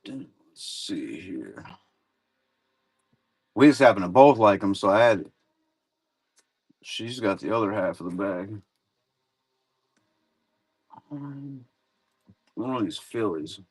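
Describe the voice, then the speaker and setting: A man speaks slowly with long pauses, his voice on the low side, a little mellow and with a breathy edge. He hosts a live card-break stream, rambling in laid-back casual chat that includes some swearing.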